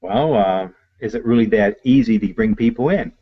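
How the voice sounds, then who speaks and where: A man's voice: on the low side, normal speed, slightly rough, muffled recording. A man taking part in a sales training role-play, giving hesitant, agreeable answers.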